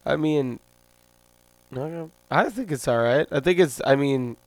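A man's voice: on the high side, lively intonation, normal speed, a little mellow, no echo. A man co-hosting a podcast in casual chat, rambling and laughing often. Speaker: podcast co-host.

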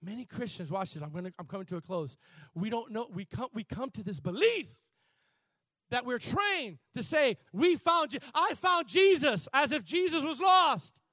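A man preaching a sermon, repeating words and drawing out phrases, building from quiet emphasis to shouted fervor. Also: very high voice, animated, moderate pace, dry recording.

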